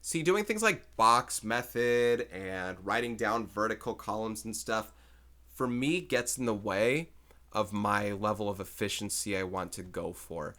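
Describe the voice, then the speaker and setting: Man, math teacher, recorded lecture, casual think-aloud manner, lowish pitch, bright tone. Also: measured pace. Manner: chatty, thinks aloud while solving problems.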